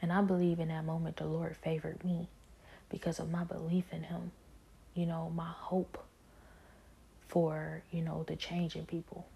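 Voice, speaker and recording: Low, flat, gravelly-voiced woman testifying. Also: a little hiss or hum. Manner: earnest, halting, many restarts and filler phrases. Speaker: believer sharing a personal testimony. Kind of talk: personal religious testimony.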